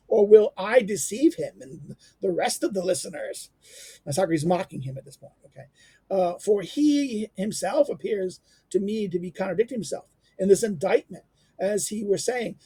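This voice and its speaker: A man lecturing on a classic text, reading passages aloud and explaining them, halting with fillers and restarts and turning animated when he quotes. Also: vocal fry, husky, no echo. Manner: jumps into animated pitch when quoting.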